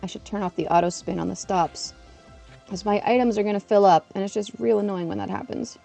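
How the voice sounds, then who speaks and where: A woman live streaming in casual chat, chatty and excitable, eating while she talks. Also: medium pitch, a little fast, gravelly, faint music behind.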